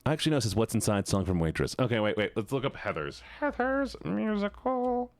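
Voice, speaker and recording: A man's voice: medium pitch, wildly swooping pitch, brisk, dry recording, studio quality. A man streaming live, chatting casually in a rambling, jokey, profane and scattered way.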